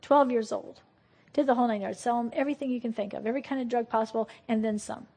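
A woman preaching a lively, conversational sermon and laughing often. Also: a little high, fast, creaky, slightly rough. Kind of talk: sermon on deliverance.

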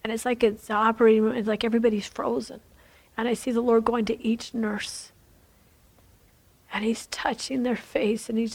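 A woman's voice: a little high, level tone, normal speed, creaky, darkish tone, breathy edge. A woman leading a fervent prophetic prayer, repeating phrases and often dropping into a whisper. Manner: fervent, repetitive, slipping into whispers. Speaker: prayer leader.

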